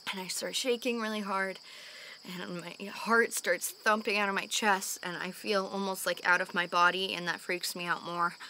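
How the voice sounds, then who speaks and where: Earnest young woman with a bright voice. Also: medium pitch, fairly even intonation, moderate pace, a little hiss or hum. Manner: earnest and open, with frequent sighs and fillers. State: calming down after a panic attack. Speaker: vlogger. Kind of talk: candid personal talk to camera. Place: at home in the evening.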